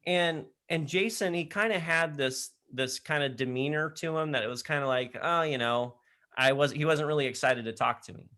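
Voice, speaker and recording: A man speaking in an online session from his laptop mic, telling an animated story to high school students with frequent laughter. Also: moderate pace. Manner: energetic, animated storyteller who laughs often. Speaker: leadership program speaker.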